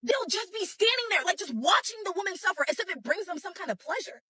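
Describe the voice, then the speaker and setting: A woman vlogger talking casually in an animated, exasperated way. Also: extremely high pitch, fast talker, no echo. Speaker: vlogger in a clip. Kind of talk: casual vlog talk.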